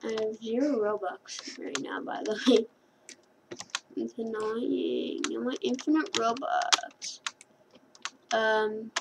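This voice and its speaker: Slow and steady in a fairly high voice, with long pauses, the woman gives casual commentary on a computer game, rambling and correcting herself. Keyboard clicks and clear background noise are present.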